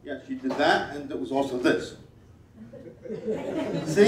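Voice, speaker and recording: His voice sits a little high and is expressive, moving at normal speed with frequent pauses as he works a gala crowd's volunteers on stage. Reading their body language, he tosses off wry teasing remarks and repeats chanted commands, heard from a distance in a roomy hall with background noise.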